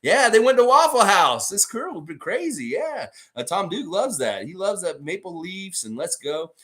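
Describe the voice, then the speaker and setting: A man's voice: high voice, sing-song, normal speed, sharp tone. A man hosting a casual fan livestream, reading out viewer comments and rambling through a story with lots of filler words. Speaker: sports fan livestream host.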